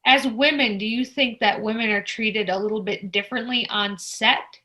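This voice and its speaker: A woman with a bright, forceful voice hosts an interview over a video call. She asks long, searching questions and hands the floor to each guest in turn. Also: a little high, normal speed. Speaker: interview host.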